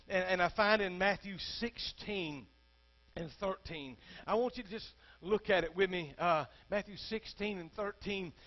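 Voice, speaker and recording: Man preaching, high voice, passionate and dynamic delivery, muffled lo-fi recording with a low hum. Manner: impassioned preaching, swings from hushed to shouting. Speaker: pastor. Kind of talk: sermon.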